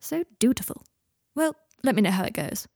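A woman's voice: fairly high pitch, big pitch swings, moderate pace, gravelly, darkish tone, husky, dry recording, clean studio sound, full character voice. A woman reading an audiobook and voicing a bitter, sardonic young man who talks in a cold, mocking drawl. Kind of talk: audiobook reading of fan fiction.

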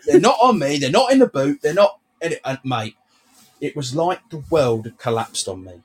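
Animated man telling a story. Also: a little high, moderate pace, husky. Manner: animated, swearing, retells dialogue. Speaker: podcast host. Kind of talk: casual storytelling chat.

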